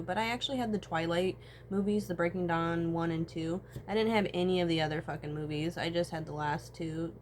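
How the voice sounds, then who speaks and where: A woman's voice: fairly low pitch, fast talker, few pauses, slight background noise. A woman, talking in a casual, profane personal monologue. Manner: casual, profane, animated storytelling with frequent laughs.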